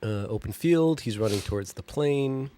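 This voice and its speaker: A man's voice: mid-range voice, expressive, moderate pace, dark tone. A man co-hosting a casual movie commentary, wry and curious, asking questions and tossing in jokes. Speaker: podcast co-host.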